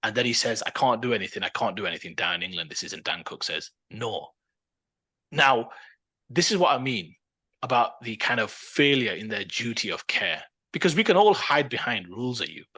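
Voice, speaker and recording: Podcast guy ranting about football, bright voice, lots of ums and restarts, opinionated. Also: mid-range voice, normal speed, breathy edge. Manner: animated, opinionated, with many fillers and restarts. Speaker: podcast co-host. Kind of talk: casual football chat.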